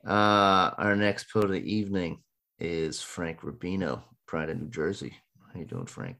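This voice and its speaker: A man hosting a poetry evening, introducing readers in a relaxed, chatty way with fillers. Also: low-pitched, measured pace, gravelly. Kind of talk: casual introductions.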